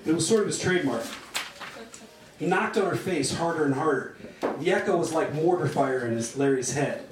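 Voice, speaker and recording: A man's voice: fairly high pitch, a little fast, noisy background. A man giving a live reading of crude comic fiction, delivered wryly. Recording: roomy sound from a distant mic.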